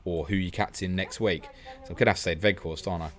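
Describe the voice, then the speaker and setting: Chatty low-voiced man hosting. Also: steady tone. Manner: chatty, reads out questions and answers quickly. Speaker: podcast host answering viewer questions. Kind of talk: fast casual live-stream Q&A.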